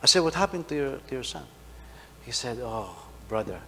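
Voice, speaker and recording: A middle-aged man, preaching a sermon, telling a story and swinging between loud emphasis and soft asides. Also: mid-range voice, sing-song, moderate pace. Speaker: pastor. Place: church hall. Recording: faint hum, long hall reverb.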